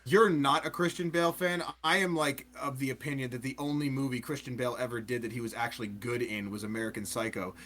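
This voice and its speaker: A man's voice: medium pitch, fairly even intonation, fast talker, few pauses, a bit bright, slight background noise. A young man in a casual podcast debate, blunt and opinionated, often swearing. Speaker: podcast guest.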